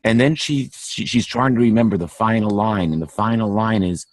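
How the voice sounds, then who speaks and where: A middle-aged man holds forth on a panel in a fervent, sermon-like way, tripping over his words and starting sentences again. His voice sits low for a man. The recording is dry, with almost no room sound. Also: moderate pace, no room sound. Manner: fervent and preachy, with stumbling restarts. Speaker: panel speaker. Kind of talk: impassioned spiritual talk.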